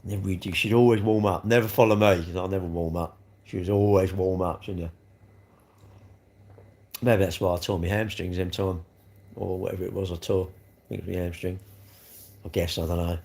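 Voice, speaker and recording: A man's voice: low voice, steady tone, moderate pace, pauses often, a little mellow. A middle-aged man with a South East London accent, chatting and rambling on a casual live stream, full of tag questions. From England. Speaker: livestream host.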